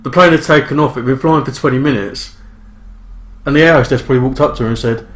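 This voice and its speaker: A man's voice: mid-range voice, fast talker, a bit bright, slight background noise. Wry matter-of-fact man. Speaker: podcast co-host. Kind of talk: casual banter.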